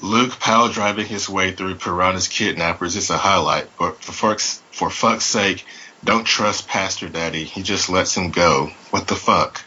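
Low-voiced, bright-toned man chatting. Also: moderate pace, breathy edge, muffled recording. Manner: reads aloud with amused asides. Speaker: podcast co-host reading listener feedback. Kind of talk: casual podcast chat.

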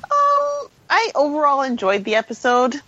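A woman's voice: high voice, wildly swooping pitch, normal speed, fairly bright tone, dry recording, highs cut off. A woman co-hosting a podcast in casual discussion, hesitant with many fillers and restarts. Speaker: podcast co-host.

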